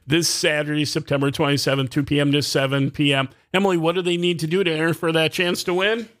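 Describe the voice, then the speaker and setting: A man's voice: a little high, flat delivery, fast, fairly bright tone. A man co-hosting a morning radio show, reading announcements and laughing along in easygoing banter. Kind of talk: casual on-air banter.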